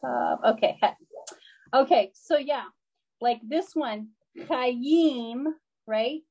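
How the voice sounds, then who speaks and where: A woman's voice: fairly high pitch, slow pace, darkish tone, breathy edge, highs cut off. A woman teacher patiently explaining pronunciation in a live online class, using lots of fillers and frequent check-ins with her students. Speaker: language teacher.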